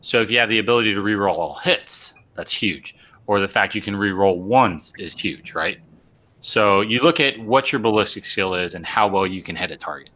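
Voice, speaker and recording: A man's voice: lowish voice, moderate pace, sharp tone. A man hosting a casual live show about tabletop wargaming, explaining tactics step by step and often repeating his words.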